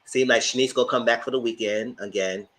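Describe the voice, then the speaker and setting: A man hosting a casual live TV review, slangy and animated, breaking into loud mock quotes. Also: mid-range voice, fast, a little hiss or hum, low-quality recording. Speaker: channel host, TV reviewer.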